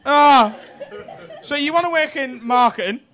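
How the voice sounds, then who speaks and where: A man doing stand-up crowd work in a comedy club, teasing the audience with quick banter. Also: very high voice. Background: audience laughter.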